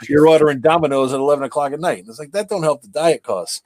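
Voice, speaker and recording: A man's voice: a little high, fast talker, a little mellow. A man co-hosting a casual livestreamed podcast. He is laid-back and chatty, and laughs often. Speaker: podcast co-host.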